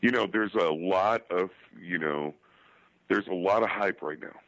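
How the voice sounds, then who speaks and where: A man with a very low voice talks casually as an interview guest, rambling and repeating himself with many fillers. The audio is dry and dull, with a lo-fi sound and no room echo. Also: a little slow, fairly bright tone. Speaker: paranormal investigator guest.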